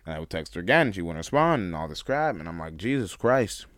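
A young man with a very low voice tells a personal story in a loose, candid way, laughing often and stumbling into restarts. The sound is dry and close, with no room around it. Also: very animated, fast, a bit bright, no room sound. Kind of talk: casual storytelling monologue.

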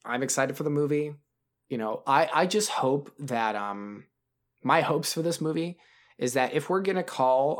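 A man co-hosting a podcast, talking in a loose, rambling way. He restarts his sentences often and fills the gaps with "like" and "um". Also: medium pitch. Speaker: podcast co-host. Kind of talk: casual podcast chat.

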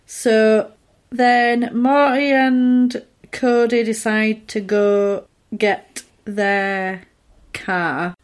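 A woman's voice: fairly high pitch, very slow. A woman, chatting casually as she recaps a film and acts out the characters' lines. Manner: animated retelling, acting out the characters' lines. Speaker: podcast co-host recapping a film. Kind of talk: casual chat.

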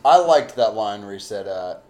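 A man's voice: lowish voice, animated, normal speed, darkish tone. A man co-hosting a podcast, bantering crudely and rambling with many restarts. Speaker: podcast co-host. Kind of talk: casual banter.

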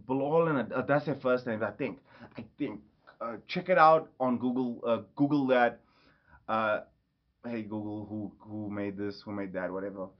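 A man giving an enthusiastic, rambling casual vlog review, often correcting himself. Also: mid-range voice. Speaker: movie reviewer. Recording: slightly dull lo-fi audio.

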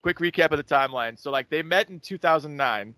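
A man's voice: fairly high pitch, quick pace, pushed and bright, no echo. A young man co-hosting a podcast, recapping events in loose, profane casual chat. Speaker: podcast co-host.

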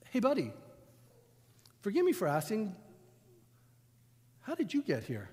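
Pastor playing a polite doubtful saint, quizzing, long reverb. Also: male voice, high voice, huge pitch swings, unhurried, mellow, voice pushed up, exaggerated voice. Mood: quizzical. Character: puzzled male saint in heaven, polite but doubtful.

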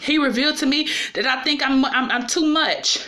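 A woman gives an informal, personal sermon in a high, bright, pushed voice at a moderate pace. Confessional in manner, she frequently checks in with her listeners as she goes.

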